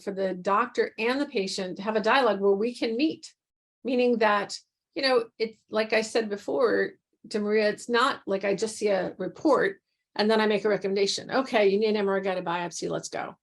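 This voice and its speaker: A woman physician talks through how she approaches a new patient. Her delivery is measured and explanatory, with a few quick restarts as she gathers her thoughts. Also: medium pitch, creaky. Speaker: breast surgeon, physician. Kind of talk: explanatory interview answer.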